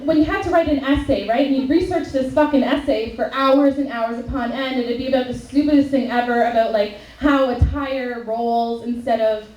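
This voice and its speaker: A woman's voice: high-pitched, darkish tone. A young woman from Canada doing a stand-up comedy set on a club stage, chatty and profane, with "like" in nearly every sentence. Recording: roomy club sound, mic at a distance.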